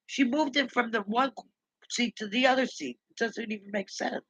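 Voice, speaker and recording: A woman rants through a rambling story in a casual live stream, going back over each conversation and repeating herself. Her voice is bright and forceful, recorded close and dry. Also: a little high, fairly quick, husky, dry recording, poor audio. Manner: ranting, repetitive, retells conversations. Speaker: livestream host.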